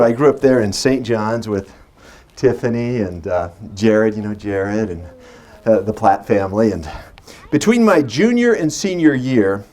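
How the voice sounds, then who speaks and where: A man's voice: medium pitch, darkish tone. A man in his forties performing as a magician. He uses a stage microphone and mixes playful stories with teasing banter with his audience. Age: 40s. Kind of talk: live stage patter with storytelling.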